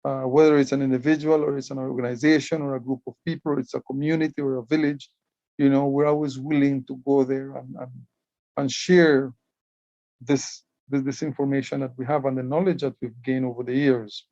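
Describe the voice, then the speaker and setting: A man's voice: mid-range voice, flat delivery, fairly quick, mellow, no room sound, dull audio. A man from Belize, giving an explanatory conference talk as a Maya writing educator, often repeating words as he starts a phrase. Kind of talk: conference presentation.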